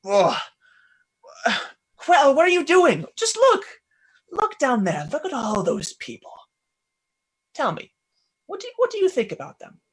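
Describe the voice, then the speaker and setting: A man's voice: extremely high pitch, wildly swooping pitch, slightly rough, pitched above the performer's own voice, heavily acted. Man playing a curious young male adventurer, earnest, stumbling a bit over his questions. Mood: impatient. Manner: earnest, questioning, a little halting.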